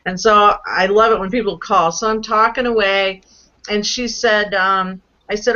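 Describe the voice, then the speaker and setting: A woman's voice: medium pitch, fairly even intonation, moderate pace, sharp tone, lo-fi sound. A woman guest telling stories in a casual call-in chat, laughing often. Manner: chatty storyteller, laughs often. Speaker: guest reseller.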